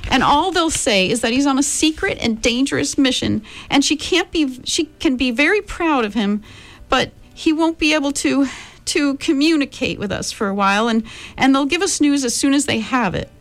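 A woman's voice: medium pitch, big pitch swings, normal speed, fairly bright tone, voice pushed up. A woman reading a story aloud, voicing an unhappy teenage girl who talks in a trembling voice choked with tears. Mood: tearful. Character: unhappy awkward teenage girl, tearful and self-critical.

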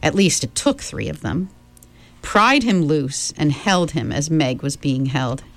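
A woman's voice: sits low, animated, no room sound. A woman reading a novel aloud chapter by chapter, with friendly asides to her listeners. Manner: slow, gentle reading with chatty asides to listeners. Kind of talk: read-aloud book narration.

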